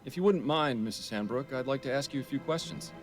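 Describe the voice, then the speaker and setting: A man's voice: medium pitch, soft background music, lightly acted. A man voicing a dry, serious detective. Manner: dry, measured, formal. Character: serious, to-the-point male detective. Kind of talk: voiced game dialogue.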